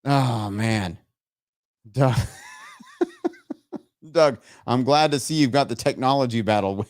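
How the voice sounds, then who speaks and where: A man's voice: mid-range voice, slow pace, a little mellow, no echo, clean studio sound. A man hosting a live show, chatting casually and getting exasperated and laughing at his own tech troubles. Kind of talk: casual live-stream chat.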